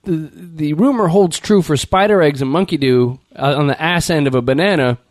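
A man's voice: on the high side, normal speed, dry recording. A man from Southern California co-hosting a comedy podcast, joking and riffing with mock East Coast voices. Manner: jokey, slips into loud exaggerated East Coast impressions. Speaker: podcast co-host.

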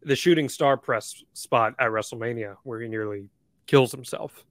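A man's voice: medium pitch, normal speed, no echo. A man co-hosting a podcast who chips in with short questions and agreement. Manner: brief interjections and questions. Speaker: podcast co-host. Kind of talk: casual conversation.

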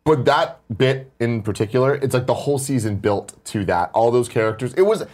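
A man of ordinary pitch co-hosts a relaxed chat show. He states strong opinions bluntly and swears casually. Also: a little fast. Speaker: co-host.

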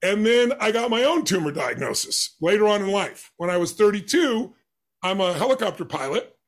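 Man, high-pitched, interview guest, animated storytelling, acts out dialogue. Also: moderate pace. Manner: acts out dialogue with emphatic voices.

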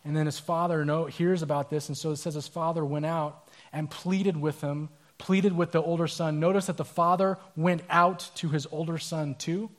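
A male pastor preaching a sermon in a casual, animated storytelling manner with asides. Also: a little high, moderate pace, hardly any pauses.

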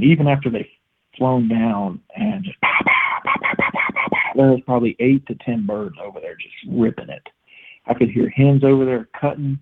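A man, a guest telling a long story in casual, animated talk and quoting his own thoughts. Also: mid-range voice, husky. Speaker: podcast guest, listener. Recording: tinny phone line.

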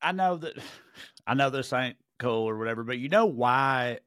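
A man's voice: medium pitch, lively intonation, moderate pace, a bit bright, dry recording, clean studio sound. A man with a Southern American accent, co-hosting a podcast and telling rambling, profane, jokey stories in casual chat. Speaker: podcast co-host.

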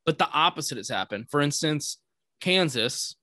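A laid-back man co-hosting a casual podcast, reacting to his friend's stories. His voice is bright and a bit forceful. The recording is close and dry. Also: fairly high pitch, animated, moderate pace, dry recording. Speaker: podcast co-host. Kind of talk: casual chat.

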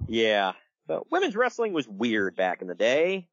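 A male podcast host talks casually, his pitch rising and falling in a lively, animated way. The sound is dry and close, a little dull and lo-fi, and he slips into quick voices as he tells a story. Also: no room sound. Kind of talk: casual wrestling podcast chat.

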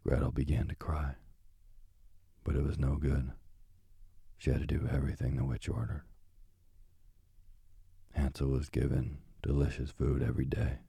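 A man reading a fairy tale aloud in a hushed, dramatic storytelling manner. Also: very deep voice, completely flat delivery, moderate pace, creaky, long pauses, breathy edge, no room sound, clean studio sound.

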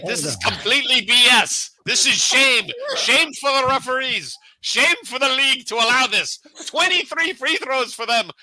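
A man doing an impression of a furious middle-aged basketball coach with a thick accent, ranting at a high pitch. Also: bright, forceful tone, no echo, heavily acted, rough recording.

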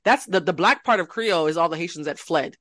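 Podcast co-host, quick talker, animated, joking, dry close mic. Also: mid-range voice, dry recording. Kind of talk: casual chat.

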